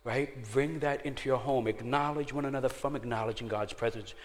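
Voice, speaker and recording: A middle-aged man telling a personal testimony in a sermon, laughing at himself and then going hushed and prayerful. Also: medium pitch, fairly even intonation, a little fast. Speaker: speaker sharing a testimony. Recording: long hall reverb.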